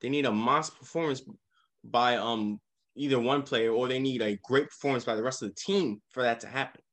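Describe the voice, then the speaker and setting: A man co-hosting a casual sports podcast, walking through game recaps with lively emphasis. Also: medium pitch, a little fast. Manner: animated, leads the game recaps. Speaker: podcast co-host.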